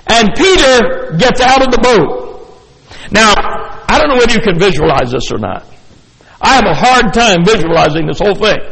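High-voiced preacher in a reverberant church. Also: male voice, moderate pace, gravelly. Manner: animated, acts out scenes, chuckles often. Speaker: pastor. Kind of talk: sermon. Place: church sanctuary.

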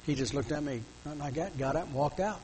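A man's voice: fairly high pitch, fast, darkish tone, in a large hall, slight background noise, rough recording. A middle-aged male pastor preaching a sermon in a fervent, pleading manner.

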